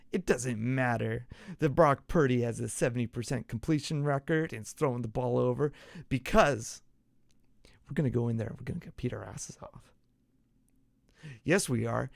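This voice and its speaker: A young man hosting a sports show, talking in an excitable, profane, pumped-up way. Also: fairly high pitch, creaky, dry recording, studio quality. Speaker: sports podcast host. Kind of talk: casual hyped-up sports talk.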